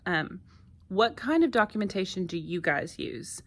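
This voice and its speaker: A woman talks into her phone in a classroom, a first grade teacher filming a casual vlog. Her pitch sits in the middle range, and she rambles with plenty of fillers and little asides. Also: expressive, moderate pace, a bit bright. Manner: chatty, lots of fillers and asides. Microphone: phone camera.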